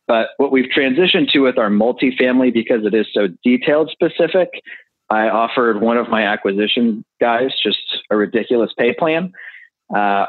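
Over a thin, phone-like line with no room sound, a mid-range male voice answers interview questions casually. He's a guest explaining real estate deals, working through the numbers and using lots of filler words.

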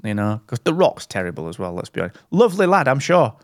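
A man co-hosting a podcast, chatting in jokey, animated banter. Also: fairly low pitch, quick pace, dry recording, clean studio sound. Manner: jokey, animated, slips into mock impressions. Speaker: podcast co-host. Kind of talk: casual banter.

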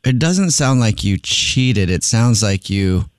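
A man hosting a radio show, chatting casually, quick and joking, with frequent laughs. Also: fairly low pitch, animated, no echo, studio quality.

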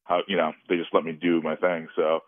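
A male actor calls into an interview and rambles with lots of restarts, laughing easily. His voice sits low and sounds dry. It comes through a thin, tinny phone line. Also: flat delivery, fairly quick, no room sound. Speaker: actor guest. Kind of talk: casual interview over phone.

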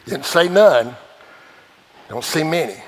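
A male pastor preaching a sermon with emphatic delivery, repeating phrases for stress and dropping to hushed asides. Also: on the high side, lively intonation, takes it slowly, rough recording.

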